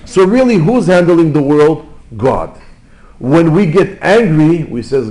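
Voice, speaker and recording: A rabbi giving an informal Torah lesson in English, mixing in terms and telling stories, jumping between loud exclamations and quiet asides. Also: male voice, a little high, big pitch swings, slow, slight background noise. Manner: non-native English with Hebrew terms. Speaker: rabbi teaching.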